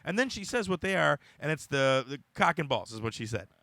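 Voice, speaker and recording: A man's voice: on the high side, fairly quick, creaky, no room sound, studio quality. A man hosting a podcast, telling a heated story in casual chat and acting out the other people's lines. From United States. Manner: heated, animated storytelling with quoted dialogue. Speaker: podcast host.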